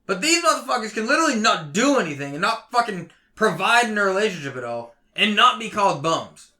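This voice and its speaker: A young podcast co-host delivers a heated, profanity-laced rant in a brisk, sing-song way on a casual show, veering between loud eruptions and low grumbles.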